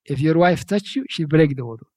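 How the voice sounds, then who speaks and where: A man's voice: a little high, expressive, a little fast, warm tone, dry recording. Preaching man, second-language English. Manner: conversational, repeats phrases, non-native grammar. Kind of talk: sermon.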